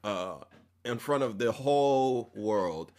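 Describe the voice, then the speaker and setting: A man hosting a fiery political commentary show, mocking and preachy, shouting to drive his points home. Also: mid-range voice, takes it slowly.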